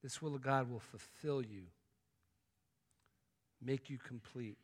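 A man preaching a sermon, swinging from loud exclamations to hushed, intimate tones. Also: mid-range voice, slow. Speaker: pastor. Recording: long hall reverb.

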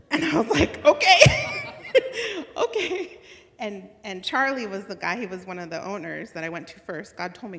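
Excited woman telling her story in a reverberant hall. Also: medium pitch. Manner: earnest and excited, with frequent "like" fillers and laughs. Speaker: speaker sharing a faith testimony. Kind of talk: personal storytelling testimony.

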